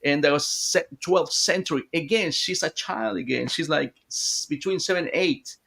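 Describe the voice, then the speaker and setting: A man's voice: fairly high pitch, moderate pace, vocal fry, fairly bright tone. A man hosts an interview and talks through a slide. He hesitates and stumbles over his words as he explains. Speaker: host. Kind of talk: casual interview chat.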